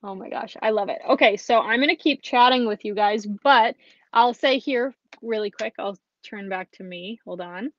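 A woman's voice: a little high, normal speed, a bit bright, dry recording. A woman hosting a live card-making tutorial, chatting casually and reading viewer comments between steps. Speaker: stamping and card-making host. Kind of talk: live craft tutorial with chat. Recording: dull, slightly lo-fi dry stream sound.

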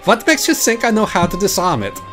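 A man's voice: high-pitched, very animated, fairly quick, over music, voice pushed up. A man voicing a sly, defiant German soldier with a thick put-on German accent. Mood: taunting. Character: sly, gravel-throated German soldier, male.

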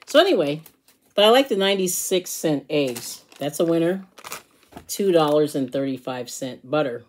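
A woman's voice: low voice, lively intonation, normal speed. A woman hosting her own casual grocery haul vlog, chatty and giggly, often apologizing for laughing. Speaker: channel host.

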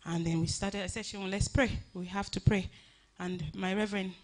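A woman stands at a church lectern microphone to give a tribute at a funeral. She tells her story earnestly but haltingly and often starts her sentences over, and her voice sits in a middle pitch. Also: steady tone. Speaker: daughter giving a funeral tribute. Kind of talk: personal tribute speech.

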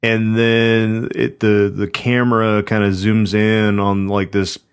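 Hombre de voz grave y monótona. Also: male voice, on the low side, little pitch movement, clean tone. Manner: slow, meandering storytelling. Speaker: podcast co-host. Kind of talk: casual chat.

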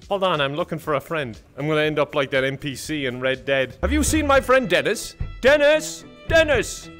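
A young man giving comedic commentary while playing a VR game, excitably barking frantic commands and cracking jokes. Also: medium pitch. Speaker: gaming YouTuber. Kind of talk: comedic VR let's-play commentary.

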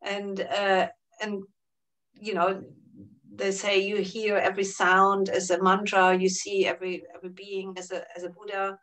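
Woman, therapist-teacher, calm explainer, medium pitch, slightly off-mic. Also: normal speed, recorded from a distance, rough recording. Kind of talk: interview answers.

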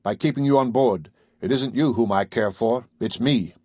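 A man's voice: mid-range voice, a little mellow, slightly rough, no echo, clean studio sound, lightly acted. A man voicing a stern, secretive male submarine captain who speaks coldly and formally, in an audiobook reading. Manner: measured, commanding, coldly formal.

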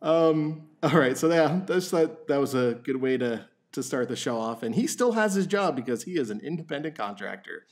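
A man's voice: mid-range voice, expressive, moderate pace, few pauses. A man hosting a podcast, telling a story in casual comedic chat with a wry, joking manner. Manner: wry storyteller, laughs often. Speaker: podcast host.

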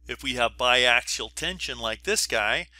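Bright-voiced man explaining diagrams. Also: medium pitch, lively intonation, measured pace, no room sound. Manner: explanatory, walks through diagrams step by step; informal asides and checks with listeners. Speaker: engineering professor. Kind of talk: recorded lecture.

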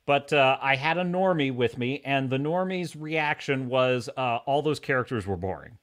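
A man hosting a live-streamed podcast, reading viewer comments in a jokey, animated way and laughing often. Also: medium pitch, normal speed. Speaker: podcast host.

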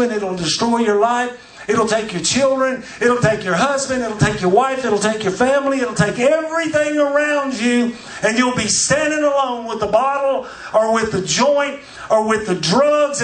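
High-voiced preacher in an echoey church. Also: male voice, moderate pace, recorded from a distance. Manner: preaching with rising shouts. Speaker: pastor. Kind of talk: sermon.

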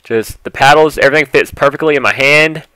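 A young man with a Southern country accent, gushing over a controller unboxing, flipping between hushed awe and loud excitement. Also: fairly high pitch, a little fast, clear, resonant tone, dry recording, poor audio. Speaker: YouTuber.

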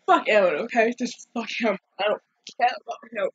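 A woman's voice: a little high, normal speed, slightly rough, no room sound, dull audio. A woman tearfully reacting to a video, talking back at the screen and swearing through her tears. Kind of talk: emotional reaction commentary.

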